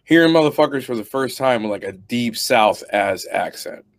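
A man's voice: medium pitch, normal speed, no echo. A young adult man from Connecticut, an Army veteran and guest, telling his stories in casual, profane podcast chat. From New Britain, Connecticut. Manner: profane, animated storyteller.

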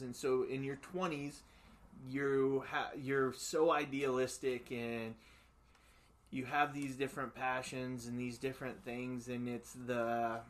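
A man talking reflectively in a casual chat as a podcast co-host. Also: medium pitch.

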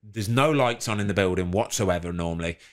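Relaxed ex-player on a podcast, chatty storyteller with a lowish voice. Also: male voice. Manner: relaxed, chatty, quick reactions. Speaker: podcast co-host, former footballer. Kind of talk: casual chat, storytelling.

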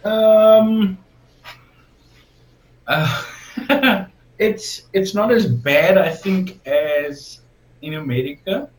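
A man from South Africa, a comic creator, answering interview questions slowly and hesitantly over a remote call. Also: high-pitched, reverberant, poor audio. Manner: slow, hesitant, with fillers.

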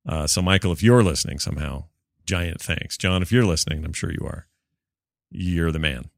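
A man with a somewhat low voice hosts a casual podcast. He talks in an excitable, rambling way into a close studio mic. The sound is dry and close. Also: moderate pace, gravelly, no echo. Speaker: podcast host.

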